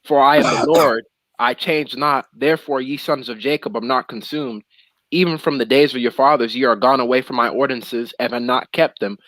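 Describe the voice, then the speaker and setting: A man's voice: medium pitch, fairly even intonation, a little fast, a bit bright, dry recording, low-quality recording. Young man reading scripture, dry sound. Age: young adult. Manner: loose slangy talk, reads verses aloud at length. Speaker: co-host of religious talk show. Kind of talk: casual religious discussion, reading scripture.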